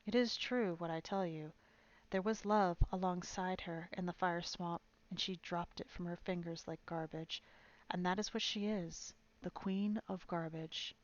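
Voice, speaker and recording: A woman voicing an ancient, withered old woman who loudly and scornfully denounces a queen. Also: fairly low pitch, steady tone, unhurried, highs cut off, lightly acted. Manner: yelling, scornful denunciation.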